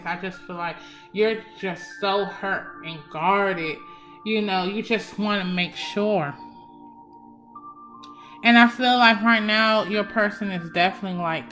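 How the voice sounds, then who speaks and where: A young woman giving a casual psychic love reading, emphatic and chatty, speaking straight to her viewers. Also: mid-range voice. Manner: warm, emphatic, addresses viewers as y'all. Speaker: tarot reader. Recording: faint background music.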